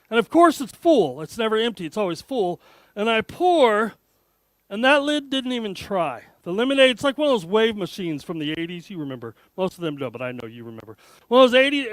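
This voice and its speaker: Guest speaker in his fifties, high-pitched and lively, joking at his own expense, dry close sound. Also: no echo. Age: 50s. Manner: animated, self-deprecating, joking. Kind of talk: humorous storytelling talk to an audience.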